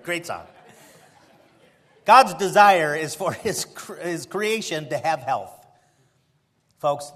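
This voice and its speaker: A high-voiced man preaching. He piles up rhetorical questions and swings between loud emphasis and soft, quiet passages. His tone is impassioned throughout. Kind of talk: sermon.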